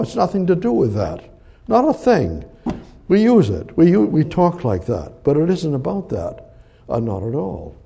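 Gravelly-voiced man preaching emphatically. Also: medium pitch. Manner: emphatic, repetitive, swings between loud declarations and soft near-whispers. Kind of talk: sermon.

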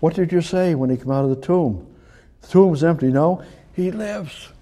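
A man preaching a sermon in an animated, rambling way, often restarting his sentences. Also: a little high, moderate pace.

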